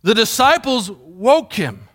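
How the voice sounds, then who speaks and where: Middle-aged man, pastor, sermon delivery with a high-set voice, chatty and story-driven. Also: very animated, takes it slowly, fairly bright tone. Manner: conversational storytelling, mimics sounds.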